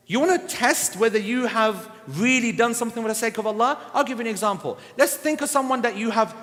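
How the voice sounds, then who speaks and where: A man's voice: sits high, a bit bright. A man giving a blunt, humorous, scolding religious lecture, recorded in a reverberant hall. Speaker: Islamic lecturer. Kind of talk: sermon lecture.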